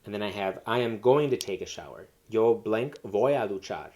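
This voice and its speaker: Male teacher, lowish voice, walks learners through grammar step by step, casual and unscripted. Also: expressive, moderate pace, darkish tone, a little hiss or hum. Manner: explains step by step with fillers and self-corrections. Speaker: Spanish teacher. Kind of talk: recorded classroom lesson.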